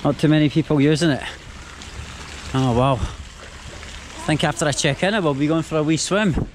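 A man's voice: on the high side, moderate pace, a little hiss or hum, rough recording. Chatty Scottish man vlogging. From Scotland. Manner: chatty, self-narrating while walking. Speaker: travel vlogger. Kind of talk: casual travel vlog.

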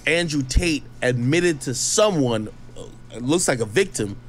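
A man's voice: mid-range voice, animated, unhurried, slight background noise. A man reading news reports aloud and breaking off into casual, skeptical, slangy commentary. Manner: chatty, skeptical, slangy asides. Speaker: online commentator.

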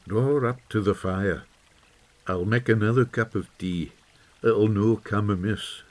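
A man's voice: on the low side, unhurried, close to an everyday voice. A man voicing an old shepherd who speaks earnestly in a folksy dialect, in an audiobook. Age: older. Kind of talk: audiobook character voice.

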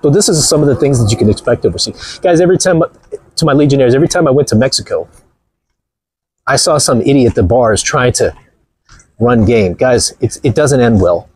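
A man's voice: mid-range voice, expressive, fairly quick, darkish tone, slightly rough, no echo. A man vlogging outdoors with a phone camera, blunt and mocking, rambling through stories as he walks. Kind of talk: casual walking vlog talk.

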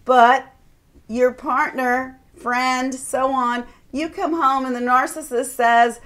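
A woman's voice: high-pitched, steady tone, slow, fairly bright tone. A woman life coach giving an earnest advice monologue, now and then acting out what someone else says. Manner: earnest, acts out quoted remarks.

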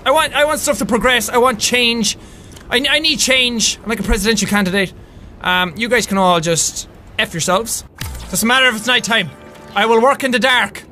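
A young Irish man in his twenties giving loud, excitable let's-play commentary, swearing often and yelling with excitement. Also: very high-pitched. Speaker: gaming YouTuber.

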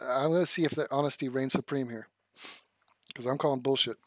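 A man's voice: mid-range voice, steady tone, brisk. A man doing casual stream commentary, full of swearing and self-mocking. He keeps tripping over a word and laughing about it. His voice sounds dry and close, with no room echo. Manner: profane, ranting, keeps stumbling over a word and laughing at himself.

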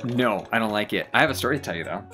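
A let's play gamer rambling through a personal story in animated, self-deprecating casual commentary. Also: mid-range voice, racing, soft background music.

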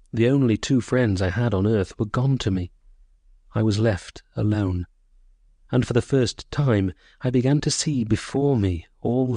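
Low, mellow male audiobook narrator. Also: no echo, clean studio sound.

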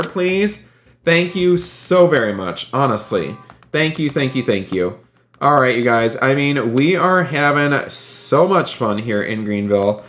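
A man's voice: medium pitch, a bit bright. A man live-streaming a role-play game, chatting upbeat to his viewers and thanking donors. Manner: upbeat, chatty, addresses chat often.

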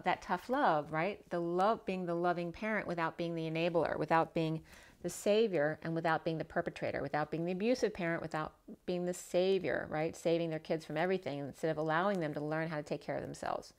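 A woman with a fairly low voice gives a loose, rambling tarot reading. She circles back on her words and keeps checking in with the listener. Her tone is casual and conversational. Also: steady tone, fairly quick. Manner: rambling, repeats herself, frequent "right?" check-ins. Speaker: tarot reader.

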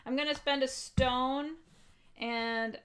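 A woman hosts a casual live stream while playing a board game. Her voice sits fairly high with a bright, forceful edge. She is upbeat, giggles easily and cheers on her viewers. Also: steady tone. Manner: upbeat, quick to laugh, greets viewers with cheers.

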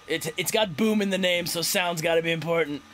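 Playful, excitable young-sounding gamer guy. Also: a little high, brisk. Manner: playful, excitable, reads on-screen text aloud. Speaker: let's play host. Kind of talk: casual gameplay commentary.

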